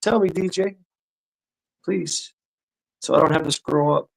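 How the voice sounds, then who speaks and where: A man's voice: a little high, a little slow, vocal fry, rough recording. A man hosting a live stream, telling crude jokes in a loose, profane way and laughing at his own punchlines. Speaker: streamer host.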